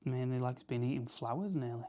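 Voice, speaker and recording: A man's voice: mid-range voice, fast talker, dark tone. A young man with a South Yorkshire accent, chatting casually on a livestream and answering viewers while he plucks birds. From South Yorkshire, England. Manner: chatty, rambling, reads out viewer comments. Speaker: livestream host. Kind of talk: casual live-stream chat while plucking grouse.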